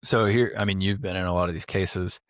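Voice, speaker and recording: A man's voice: low-pitched, steady tone, brisk, a bit bright, no echo. A man talks bluntly through a casual clinical discussion on a podcast. He keeps asking rhetorical questions and answering them himself. The sound is dry and close to the mic. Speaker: podcast host, clinic owner.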